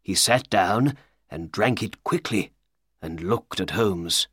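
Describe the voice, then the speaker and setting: A man narrating a graded-reader story in a slow, clear, expressive way. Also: sits low, dry recording, clean studio sound. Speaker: audiobook narrator.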